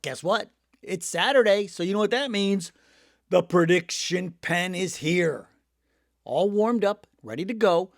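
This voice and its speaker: Middle-aged man, high voice, lively swings in pitch, a little sick, jokey, rambling, sports host. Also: unhurried, no room sound, studio quality. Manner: jokey, rambling, laughs at himself. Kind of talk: casual sports chat.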